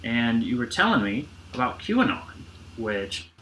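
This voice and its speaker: Guy hosting a podcast, bright voice, rambles and swears a lot, bit of faint hiss. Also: medium pitch, sing-song, a little slow, poor audio. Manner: rambling, restarts often, swears casually. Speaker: podcast host. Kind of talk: casual chat. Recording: faint background noise.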